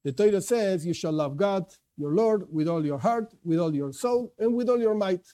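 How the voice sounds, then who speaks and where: High, bright-voiced man teaching a religious class. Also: animated, moderate pace. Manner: conversational, restarts often, asks and answers his own questions. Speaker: Jewish teacher. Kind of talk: informal Torah class.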